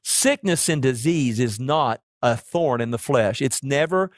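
A man preaching a sermon as pastor, telling stories earnestly and slowing down to stress key words. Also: medium pitch, animated, no room sound, studio quality. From Oklahoma.

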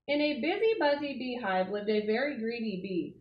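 A woman reading a picture book aloud to children, with animated, expressive storytelling. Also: fairly high pitch, normal speed. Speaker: 4-H club leader. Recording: roomy, dull lo-fi audio.

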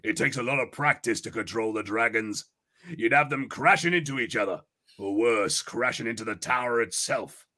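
A man reading a curt young female dragon keeper in his own voice, brisk and dismissive. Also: mid-range voice, expressive, pushed and bright.

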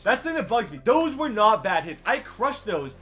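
Excitable young man commentating his game. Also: high voice, normal speed, soft background music. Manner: animated, talks to viewers, bursts into shouts. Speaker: gaming YouTuber.

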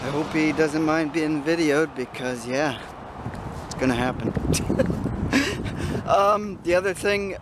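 A man's voice: on the high side, slow pace, long pauses. An older man rambling casually as he vlogs with a handheld camera outdoors in a city. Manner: rambling, chatty, sidetracked. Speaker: vlogger. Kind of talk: casual vlog narration. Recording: noisy outdoor camera audio.

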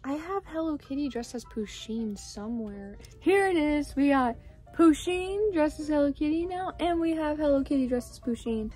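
A young woman with a high voice chats through a casual haul vlog. She gushes and exclaims over each item, her talk full of fillers. Soft music plays faintly under her voice. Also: normal speed. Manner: gushing, excitable, lots of "like" and "oh my gosh". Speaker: vlogger.

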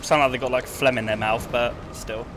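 A man's voice: mid-range voice, steady tone, a little fast, background noise. A man with an Essex accent giving blunt, casual commentary to his chat while he plays. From England. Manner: blunt, swearing banter with chat. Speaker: gaming streamer. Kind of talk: casual live-stream commentary.

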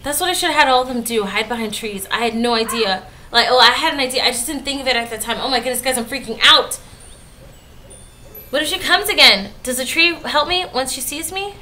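A woman giving jumpy, talkative let's-play commentary, often yelling at the game. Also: high-pitched, brisk. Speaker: gaming YouTuber.

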